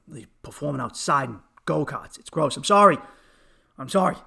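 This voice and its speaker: A man's voice: on the high side, lively intonation, normal speed, vocal fry, bright, forceful tone, breathy edge. A man hosting a solo comedy podcast, ranting with lots of swearing and laughing at his own jokes, sniffly from allergies.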